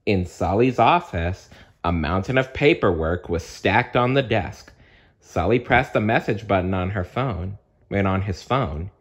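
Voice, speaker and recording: A man reads a children's storybook aloud in an unhurried, lowish voice. His delivery is slow and expressive, with a lively melody. He paces each sentence for the story. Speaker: narrator.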